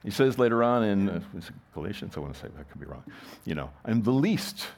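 A man's voice: sits low, lively intonation, quick pace, gravelly. A middle-aged man, a pastor, preaching a sermon in a conversational way, full of rhetorical questions and restarts.

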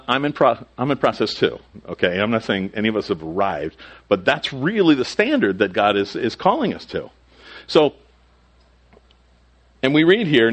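A male pastor teaching through a Bible passage in a conversational sermon, sometimes acting out the quoted speakers. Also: mid-range voice.

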